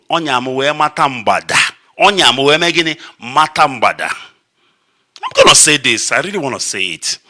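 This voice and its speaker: A man's voice: medium pitch, sharp tone. A man with a Nigerian Igbo accent, a radio broadcaster delivering an impassioned, emphatic monologue, repeating his points for weight. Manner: emphatic, repetitive, declamatory.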